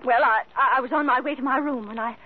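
A woman's voice: high voice, fairly even intonation, fast, lightly acted. Frightened stammering woman guest, played by an actress, 1940s radio, narrow sound with faint hiss. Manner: stammering, flustered. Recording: phone-like old radio recording with hiss.

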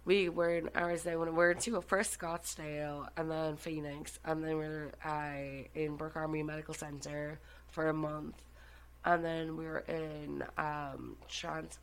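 Irish woman guest, fiery and profane storyteller, lowish voice, talks with rising energy. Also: normal speed, low-quality recording. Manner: animated, swearing, laughing often. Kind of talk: casual storytelling.

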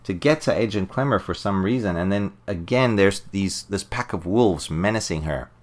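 A man's voice: sits low, animated, moderate pace. A man co-hosting a podcast, eagerly retelling a comic story, laughing often and acting out lines. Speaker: podcast co-host. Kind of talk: casual podcast chat recapping a comic.

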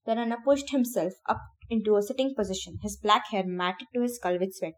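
A woman with a somewhat high voice reads a novel aloud for her podcast in a casual, friendly way. She keeps stepping out of the text to laugh and share her own thoughts with listeners before she picks up the reading again. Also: a little fast, few pauses, darkish tone. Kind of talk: casual read-aloud with chatty asides.

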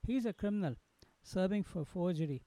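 A man's voice: high-pitched, expressive, a little fast, mellow, no room sound, rough recording. A man voicing an offhand, dismissive male prison jailer.

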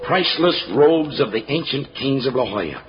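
A man's voice: medium pitch, expressive, moderate pace, natural voice. An actor playing an older learned doctor and father, exclaiming in 1940s radio drama, on a dull reverberant old recording.

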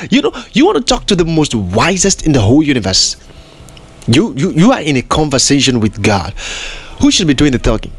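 A man's voice: a little high, huge pitch swings, a little fast, breathy edge. A man hosting a podcast, preaching in an emphatic, repetitive way full of rhetorical questions. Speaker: podcast host. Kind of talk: preaching monologue.

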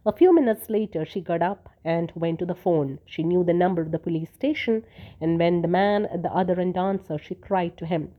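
A woman reading a short story aloud as narrator, telling it in a steady way. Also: on the low side, brisk. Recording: tinny phone-like sound.

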